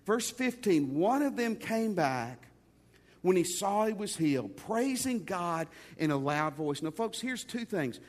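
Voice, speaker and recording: A man's voice: sits high, sing-song, unhurried. A man preaching a sermon to a congregation, talking conversationally and calling his listeners folks. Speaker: pastor. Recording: long hall reverb.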